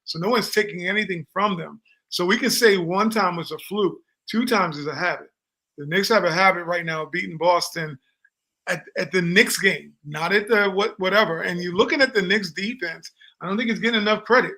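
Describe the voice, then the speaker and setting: A man co-hosting a casual sports podcast, talking in an animated, jokey way, with boastful trash talk. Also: sits high, a little fast. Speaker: podcast co-host. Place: home studio on a live stream.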